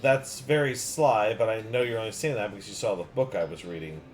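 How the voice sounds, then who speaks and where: A man's voice: on the low side, a little fast, faint music behind, voice pushed down, natural voice. Annabelle, prim bird-loving lady as a man puts her on. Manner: prim, gushing. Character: polite, bird-loving middle-aged lady.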